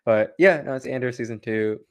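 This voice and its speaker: A man's voice: mid-range voice, a little fast, clean tone. A man co-hosting a casual livestream chat, joking and rambling loosely with lots of fillers. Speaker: co-host.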